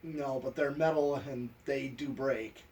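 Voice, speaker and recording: A man's voice: mid-range voice, unhurried, vocal fry, darkish tone, recorded from a distance. A man testing a ceiling fan, talking practically and counting settings aloud. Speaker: fan tester. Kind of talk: casual technical chat.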